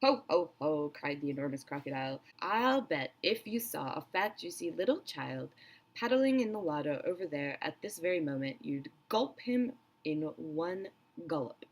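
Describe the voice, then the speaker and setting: A woman's voice: very animated, moderate pace, heavily acted. Woman doing a greedy gloating crocodile. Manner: gloating, loud and high. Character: greedy boastful male crocodile.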